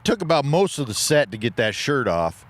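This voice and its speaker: A man co-hosting a comedy podcast, playful and quick to laugh, reading an ad and chatting. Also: mid-range voice, very animated. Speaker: podcast co-host. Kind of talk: casual chat and ad read.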